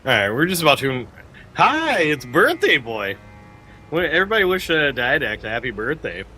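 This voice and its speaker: A young man with a stuffy nose, streaming a game and joking, rambling and reacting loudly as he plays. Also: a little high, sing-song, normal speed, soft background music. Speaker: livestreamer. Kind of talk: casual live gameplay commentary.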